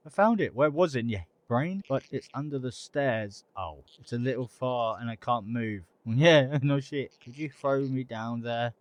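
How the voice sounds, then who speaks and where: A man's voice: mid-range voice, dry recording. Brief: man, gameplay commentator, reflective and wry, mid-range voice. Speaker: game commentator.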